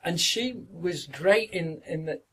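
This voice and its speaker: A man's voice: a little high, animated, slow, pushed and bright, slight background noise. A middle-aged man with a Yorkshire accent, a guest actor reminiscing through long anecdotes in a casual podcast interview.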